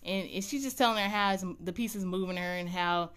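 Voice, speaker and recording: Animated woman recapping a show for viewers; smooth, resonant tone. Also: medium pitch, a little fast. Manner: animated, chatty storytelling. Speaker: TV recap vlogger. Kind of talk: casual episode recap.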